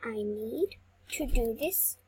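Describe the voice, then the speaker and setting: A young girl giving excitable, easily frustrated commentary while playing an online race game, cheering herself on between outbursts. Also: fairly high pitch, takes it slowly, noisy background. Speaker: gaming channel host. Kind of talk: gameplay commentary.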